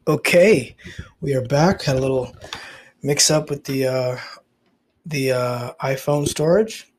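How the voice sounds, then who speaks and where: Speaking slowly in a mid-range voice, a man hosts a laid-back solo podcast captured on an iPhone, with slight noise in the background. His talk is rambling and confessional, peppered with swearing.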